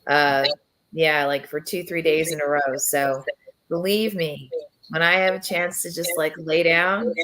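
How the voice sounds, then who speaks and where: A woman hosting a casual live chat as a press founder, her voice husky and worn from travel, chatty and relaxed with many fillers. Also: deep voice, a little slow, rough recording. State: low husky voice from travel fatigue. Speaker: founder and executive editor of a press, host.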